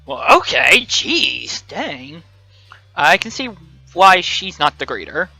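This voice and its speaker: A man's voice: high voice, very animated, takes it slowly, creaky, pushed and bright, dry recording, faint music behind, poor audio. A young man hosting a let's play, reading a dating game aloud with joking, playful asides.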